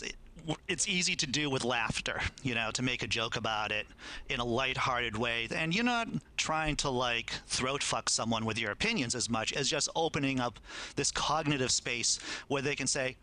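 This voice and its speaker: A man's voice: medium pitch, normal speed, pushed and bright, rough recording. A man, a comedian, talking in casual podcast chat, explaining his point step by step in an earnest way with some swearing.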